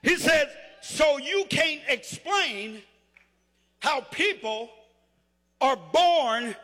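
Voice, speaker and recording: A man's voice: extremely high pitch, animated, extremely slow, in a large hall. A man preaching a sermon, calling on the congregation to answer back and stretching out words for emphasis. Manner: call-and-response preaching, shouting and drawling phrases.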